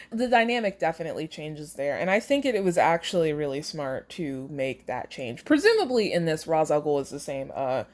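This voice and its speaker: A woman's voice: low-pitched, darkish tone. A woman podcast host giving casual, chatty, self-critical commentary while rereading her own fanfiction, with fillers and laughs.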